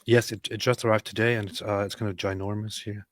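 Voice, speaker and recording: A man hosting a casual livestream, chatting loosely and reading viewer comments aloud in a relaxed, joking way. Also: lowish voice, quick pace. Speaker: host.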